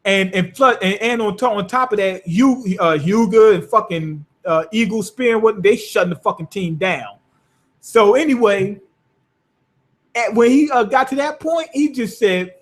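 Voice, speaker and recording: A man's voice: high voice, moderate pace. A man recapping an anime episode in a loose, rambling, profane way. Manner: profane, rambling, animated retelling. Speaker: anime reviewer.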